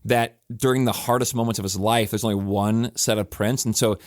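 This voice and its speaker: Earnest pastor talking in a dry room. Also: male voice, lowish voice, steady tone, a little fast, no room sound. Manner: earnest and conversational, with emphatic restarts. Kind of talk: reflective podcast talk.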